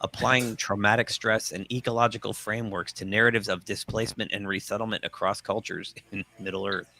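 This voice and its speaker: A man's voice: on the low side, fairly even intonation, brisk, creaky, sharp tone. A man hosting a pop culture livestream, reading news quotes aloud with sarcastic asides. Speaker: host.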